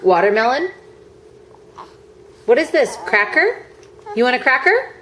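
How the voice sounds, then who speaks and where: A woman's voice: a little high, sing-song, measured pace, noisy background. A mother using baby talk with her toddler, coaxing and repeating questions in a singsong way.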